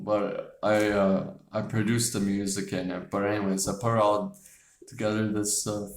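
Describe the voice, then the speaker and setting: A man hosting a casual chat about favorite movies, rambling with lots of fillers, restarts and casual swearing. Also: on the low side. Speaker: host. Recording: echoey room.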